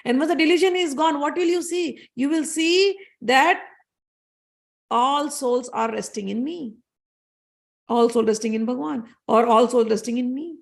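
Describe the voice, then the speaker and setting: A woman's voice: high voice, moderate pace, vocal fry. A woman giving an earnest scripture discourse as a spiritual teacher, repeating key phrases as she explains a story.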